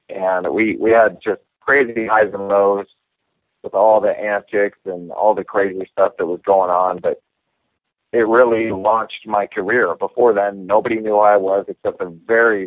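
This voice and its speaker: A man, a professional fighter, telling stories in a relaxed, casual interview. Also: fairly low pitch, no echo. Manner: relaxed storyteller acting out quotes. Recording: tinny phone line.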